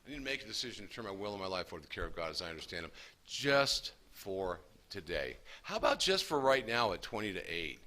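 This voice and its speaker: A man's voice: sits low, sing-song, fast, pushed and bright. A man speaking earnestly to a recovery meeting, sharing his story in an emphatic, folksy way. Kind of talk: personal recovery talk to a group.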